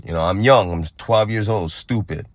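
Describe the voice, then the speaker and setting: Young guy, real deep low voice, cussing a lot, telling a hood story, dry close mic. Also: moderate pace, dry recording. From Phoenix, Arizona. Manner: profane, animated, acts out other people's lines. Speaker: storyteller on a vlog channel. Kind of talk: casual street storytelling.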